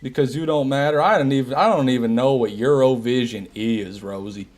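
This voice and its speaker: A man's voice: mid-range voice, fairly quick. A man streaming a game live, teasing and bantering with his chat. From United States. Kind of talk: live gameplay commentary.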